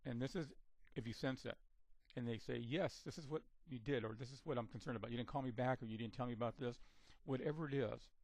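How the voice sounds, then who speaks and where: Man, communication trainer, instructional talk, measured delivery, restarts words, mid pitch, dry sound. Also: a little mellow, no room sound. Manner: measured, repeats and restarts words while explaining.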